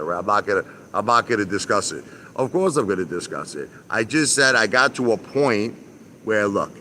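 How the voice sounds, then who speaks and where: A man's voice: lowish voice, fairly bright tone, slight background noise. A man live-streaming from his backyard by a pool, ranting casually, repeating himself with emphasis and mild swearing. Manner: repetitive, emphatic, mildly profane.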